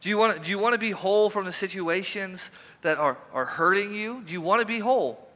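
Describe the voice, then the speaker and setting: A pastor giving a conversational, emphatic sermon, asking the congregation repeated questions, recorded in a church sanctuary. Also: male voice, high-pitched, a little fast, sharp tone. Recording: reverberant church hall.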